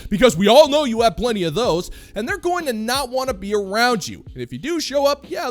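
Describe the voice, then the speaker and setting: A sarcastic male commentary host who answers with mocking, condescending put-downs. His voice sits very high and swoops around with plenty of movement.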